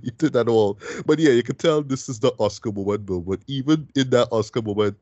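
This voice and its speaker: A man co-hosting a podcast film review at a middle pitch, chatting casually. He keeps tagging his phrases with "right?" and stumbles through restarts. The mic is close and dry. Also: a little fast, a little mellow, no room sound, lo-fi sound. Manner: repeats "right?" often, restarts words.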